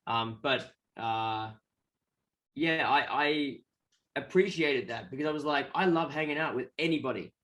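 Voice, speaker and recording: A man's voice: medium pitch, a little slow, fairly bright tone. An Australian man, a guest musician, telling rambling stories in a casual interview and acting out the voices of people he quotes.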